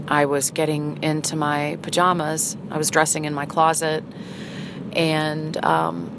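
A middle-aged woman telling a personal story in a halting, hesitant, earnest way. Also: low-pitched. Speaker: vlogger. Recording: noisy, with vehicle sounds behind.

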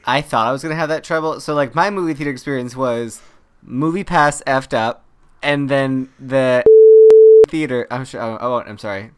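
A man co-hosting a podcast, with a smooth, clear voice of middling pitch. He tells stories in a chatty way and acts out the lines he quotes. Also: moderate pace, a bit bright. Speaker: podcast co-host. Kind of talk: casual chat.

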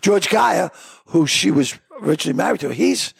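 A man with a Boston accent, a comedian guest telling stories in a casual interview, animated and prone to stammered restarts. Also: fairly high pitch, normal speed, vocal fry, breathy edge, no echo. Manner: animated storyteller who stammers on restarts and acts out quotes.

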